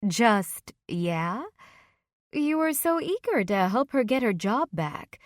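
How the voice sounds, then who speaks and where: A woman narrator voicing a warm, caring middle-aged mother who asks eager questions, in a dry, close recording. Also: on the high side, big pitch swings, takes it slowly, no room sound, voice pushed up. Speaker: audiobook narrator. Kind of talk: audiobook character voice.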